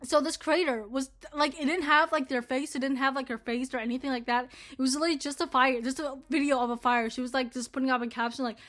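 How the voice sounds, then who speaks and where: Young woman vlogger, high voice, profane rambling rant to camera. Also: fairly even intonation, quick pace, few pauses, fairly bright tone. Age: 20s. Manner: profane, rambling, heavy filler words. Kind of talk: casual ranting commentary to camera.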